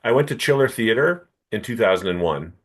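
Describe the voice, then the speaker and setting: A man co-hosting a comics podcast, telling anecdotes in a relaxed, casual way. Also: on the low side, brisk. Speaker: podcast co-host. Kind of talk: casual chat, storytelling.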